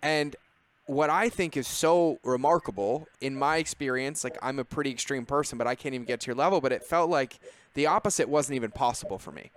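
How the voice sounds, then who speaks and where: A man's voice: mid-range voice, brisk. A man hosting a podcast, speaking earnestly in long run-on thoughts as he reflects on his guest's story. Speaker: podcast host. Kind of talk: casual interview chat.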